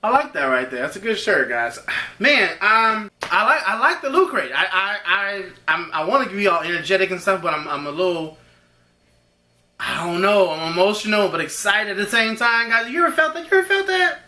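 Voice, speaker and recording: Excitable high-voiced man in echoey room. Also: normal speed. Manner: excitable, rambling, talks to viewers as guys. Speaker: unboxing video host. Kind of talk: casual unboxing chat.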